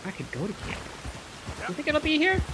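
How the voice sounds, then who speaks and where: A man's voice: extremely high pitch, wildly swooping pitch, fairly quick, very noisy. A man casually commenting on his playthrough of a game, chatty and joking. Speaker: let's play gamer.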